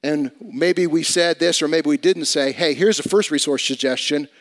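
A pastor preaching a sermon in a conversational way, swinging between loud emphatic bursts and quiet asides. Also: male voice, moderate pace. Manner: conversational preaching with dramatic swings in volume and pitch.

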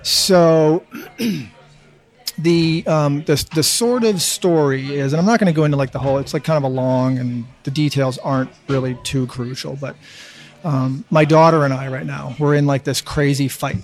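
Halting man in his fifties. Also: on the high side. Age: 50s. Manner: halting, many restarts, swears freely. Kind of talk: casual chat.

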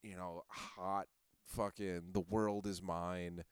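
Podcast host, young Midwestern man, low smooth voice, crude storyteller. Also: level tone, slow, no room sound. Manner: crude, profane storytelling with many fillers. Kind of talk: casual podcast chat.

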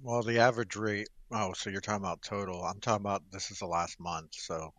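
A man's voice: lowish voice, fairly even intonation, brisk, a bit bright, no room sound. A man in a casual online group chat, questioning and teasing the others.

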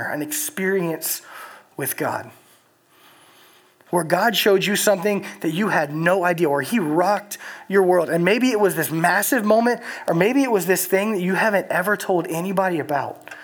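Husky young preacher, chatty storytelling. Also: medium pitch, normal speed. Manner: chatty storytelling with many "like" fillers. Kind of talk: casual youth sermon.

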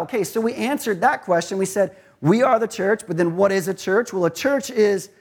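A man's voice: high voice, breathy edge. Man preaching a conversational sermon. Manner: conversational, asks many rhetorical questions. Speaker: pastor.

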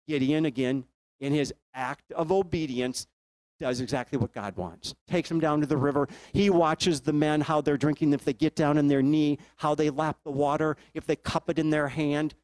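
A man preaches a storytelling sermon and often asks his listeners to think along. His voice sits fairly high for a man. The sound is dry and close, with no room echo. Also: fairly even intonation, normal speed, a little mellow.

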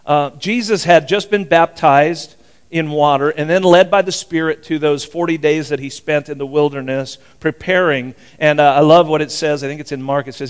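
A man's voice: a little high, moderate pace. An older man preaching a sermon as pastor, folksy and rambling, chuckling often as he talks.

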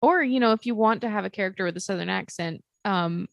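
A woman from the American South, co-hosting a casual movie discussion, animated and swearing freely. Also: medium pitch, vocal fry, no echo, highs cut off. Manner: animated, swears, quick asides. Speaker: podcast co-host.

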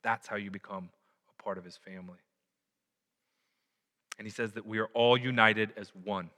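A man preaching a sermon as a pastor, animated and building to loud emphatic peaks. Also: fairly low pitch, moderate pace. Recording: echoey hall.

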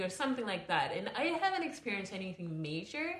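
A woman's voice: mid-range voice, big pitch swings, fast talker, reverberant. A woman in her twenties, a guest in a casual conversation, who chats with many fillers and laughs often. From United States. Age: 20s.

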